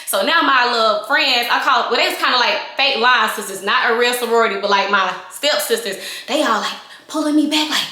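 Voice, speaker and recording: A young adult woman vlogger tells a candid storytime in an echoey room, her voice bright and higher-pitched. Speaking briskly and chatting directly to viewers, she animatedly reenacts scenes with voices and gestures.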